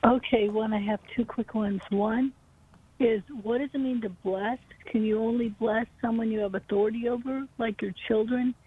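Halting woman caller on phone line. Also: fairly high pitch, steady tone, breathy edge. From Southern California. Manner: hesitant, halting, with fillers. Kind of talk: phone-in question.

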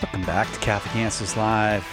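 A man's voice: on the low side, steady tone, brisk, loud music behind the voice. A man hosting a call-in radio show, joking and hesitant with many fillers. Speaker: radio host.

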